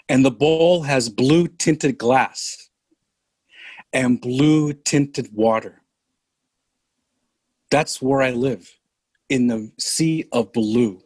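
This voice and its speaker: An older man from San Francisco, talking as a guest in an earnest, reflective way. He speaks very slowly and deliberately, at a middle pitch. The sound is dry and close. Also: no echo. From San Francisco, California. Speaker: podcast guest. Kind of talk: reflective podcast conversation.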